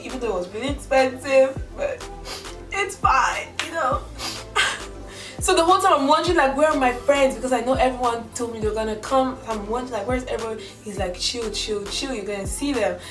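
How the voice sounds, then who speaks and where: Chatty young woman storyteller, echoey room. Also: a little high. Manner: chatty, animated, acts out her own quotes. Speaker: vlogger. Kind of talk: casual storytelling. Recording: roomy echo from a distance, music behind. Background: background music.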